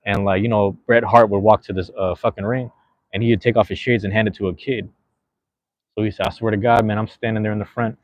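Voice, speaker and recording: Reading out the live chat, a male podcast host rambles casually, using plenty of slang and filler words. His voice is on the low side, his delivery flat and fairly quick, and the dry recording has a lo-fi quality.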